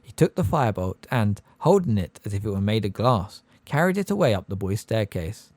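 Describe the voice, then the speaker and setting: A man narrating an audiobook in an expressive storybook style. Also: on the low side, fairly quick, no echo. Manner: expressive, varied delivery. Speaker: audiobook reader.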